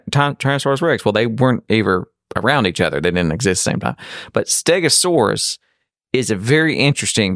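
Rambling man host, low voice. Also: no room sound, studio quality. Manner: rambling storyteller, animated. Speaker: podcast host. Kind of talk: casual podcast chat.

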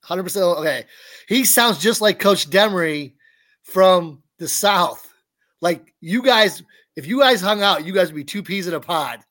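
A man with a notably high voice chats on a podcast co-host mic. He talks quickly and loosely, circling back over his words as he makes a point. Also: animated, a bit bright. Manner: quick, chatty, repeats himself. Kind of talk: casual podcast chat.

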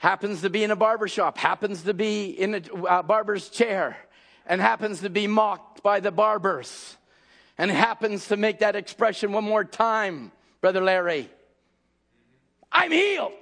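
High gravelly voiced preacher guy, fired up sermon, yells the big lines. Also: normal speed. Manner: impassioned, shouting at peaks, acting out scenes.

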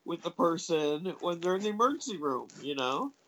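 Woman, lowish voice, rambling anecdote, many fillers, animated quoted voices. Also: normal speed, poor audio. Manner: rambling, hesitant, lots of fillers and restarts; acts out quoted voices with big pitch jumps. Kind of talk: casual storytelling chat.

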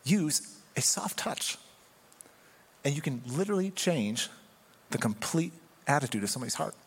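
Pastor, male, slightly high voice, animated conversational sermon, long hall reverb. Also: normal speed, breathy edge.

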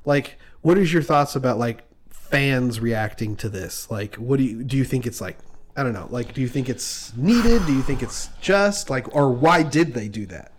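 A man's voice: medium pitch, lively intonation, moderate pace. A man in a casual film discussion, talking in a rambling way with many "like" fillers.

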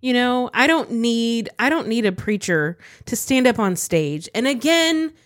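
Frank woman, lively pitch, dry sound. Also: measured pace, no room sound. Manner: frank, opinionated, emphatic. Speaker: podcast co-host. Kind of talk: casual chat.

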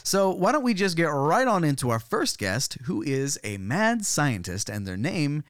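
A man's voice: on the high side, very animated, moderate pace, dry recording. A man co-hosting a comedy podcast, trading playful, theatrical improvised banter. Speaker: podcast co-host.

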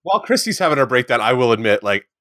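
Low, bright-edged male co-host, rambly talker, dry sound. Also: big pitch swings, quick pace, dry recording. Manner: rambling, lots of likes. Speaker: podcast co-host. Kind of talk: casual podcast chat.

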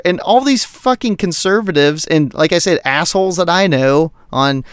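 Male podcast co-host, smooth resonant voice, higher register, heated profane rant, dry close sound. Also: normal speed, few pauses, no room sound. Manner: profane, heated, animated ranting. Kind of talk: casual political rant.

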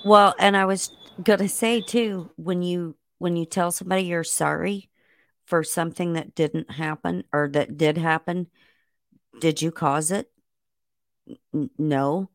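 A woman hosts an interview, speaking thoughtfully and affirming her guest often. Her voice is very low. She talks slowly and deliberately. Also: steady tone, no echo. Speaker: host. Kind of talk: casual interview.

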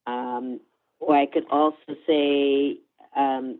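A woman's voice: rumbling low, fairly even intonation, slow pace. Woman parenting coach on a tinny call line. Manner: instructive, explains step by step. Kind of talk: explaining to an interviewer. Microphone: remote video call. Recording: tinny phone-like call audio.

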